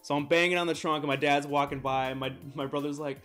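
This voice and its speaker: A man's voice: fairly high pitch, steady tone, fast, a bit bright, faint music behind. A young man from the United States telling a rambling, laughing story on a live stream, swearing often.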